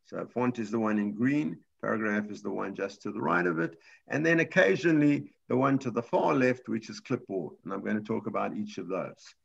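A man teaches a live computer class, patiently walking through each step and often restarting his sentences. He speaks fairly quickly in a gravelly, slightly husky voice of ordinary pitch. The audio is dull and lo-fi, like an online class.

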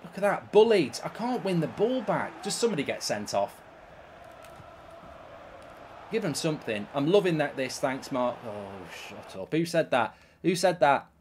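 While streaming a football game, this man swears and vents about how he's playing and reads chat aloud. His slightly high voice has a darkish tone and is very animated at a normal speed, with a little background noise.

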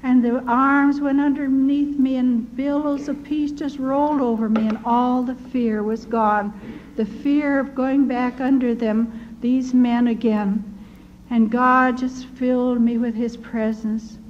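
An older woman giving an earnest personal testimony, telling her story in a measured way with restarts. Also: sits high, fairly even intonation. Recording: dull lo-fi recording with faint noise.

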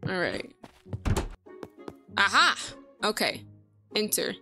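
A woman's voice: medium pitch, huge pitch swings, takes it slowly, over music. A young woman giving casual let's play commentary, chatty and giggly, reacting aloud to the game.

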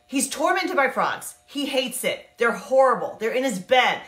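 Lively high-voiced woman teaching scripture. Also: echoey room. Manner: animated, chatty, acts out characters in quick asides. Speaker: Bible teacher and life coach. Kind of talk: casual Bible teaching to camera.

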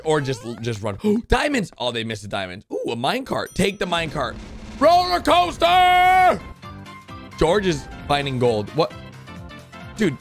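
An excitable man reacting to animated game clips, his fairly high voice swinging widely as he cheers and blurts out comments. Loud background music and clip audio play under him throughout. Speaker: reaction video host.

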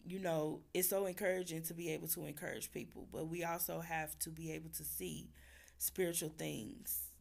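A woman, hoarse from losing her voice, talking fervently to her viewers about faith and repeating phrases like a preacher. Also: deep voice. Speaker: vlogger. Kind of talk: casual faith talk to viewers.

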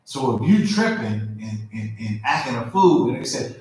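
Echoey, animated male preacher. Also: medium pitch, normal speed. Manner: informal, asks "you feel me?"; animated, with asides and restarts. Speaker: pastor. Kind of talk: conversational sermon. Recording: very echoey room, mic far off.

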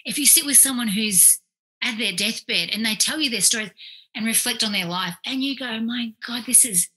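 This rough recording captures a podcast guest, a woman in her forties from Australia who works as a clinical psychologist. Speaking on the high side at a moderate pace, she shares anecdotal stories with animation, performing the voices of those she quotes.

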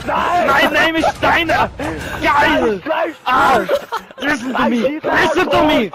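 A man voicing a frantic, shouting male German soldier with a mock German accent during gaming banter. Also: very high voice, animated, slow, a loud crowd, exaggerated voice. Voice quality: loud barked exclamations, mock German accent.

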